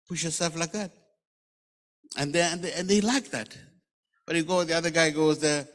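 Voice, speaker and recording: A man's voice: on the high side, moderate pace, pauses often, fairly bright tone. A man preaching a conversational sermon as a pastor, telling rambling jokes and stories before reading scripture aloud. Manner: rambling, joking storyteller who reads scripture aloud. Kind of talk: conversational sermon with humorous asides. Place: church hall. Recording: long church hall reverb.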